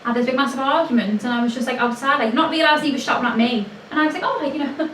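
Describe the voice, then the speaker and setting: A young woman co-hosting a podcast, telling stories in casual chat, animated and laughing often, jumping her voice up when she quotes people. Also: high voice, racing. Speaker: podcast co-host. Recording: echoey room, mic at a distance, faint noise.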